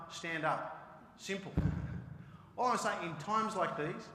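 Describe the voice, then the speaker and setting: A man with an Australian accent giving an animated, joking keynote talk. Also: fairly high pitch, slight background noise. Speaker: keynote speaker. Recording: echoey hall, live stage.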